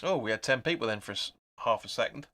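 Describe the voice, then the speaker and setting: A young man hosts a live football watch-along, narrating each pass and chatting with viewers about the game. His voice is bright and forceful, pitched in a middle range. He gets loud and excited at the near chances. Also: fast.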